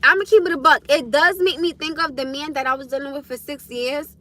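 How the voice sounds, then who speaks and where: A woman with a high, bright, forceful voice speaks straight to her livestream viewers. She is blunt and animated and swears freely, sounding frank and unfiltered. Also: fast. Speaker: livestream host. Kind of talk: casual livestream venting to viewers.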